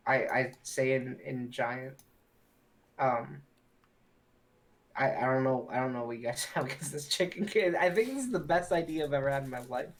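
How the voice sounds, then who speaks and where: A woman's voice: very deep voice, normal speed. A woman playing a tabletop game, chatting casually with giggles and enthusiasm. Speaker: player.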